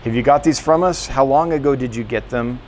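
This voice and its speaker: A man's voice: medium pitch, a little fast, darkish tone, a little hiss or hum. A man who runs a fish store, talking casually through a store tour, rambling a little with fillers and self-corrections.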